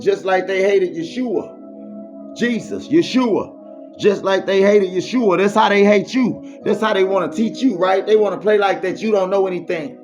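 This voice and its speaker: A man giving a faith-based motivational monologue, repetitive and preachy, full of street slang. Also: high voice. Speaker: motivational speaker. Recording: muffled lo-fi recording.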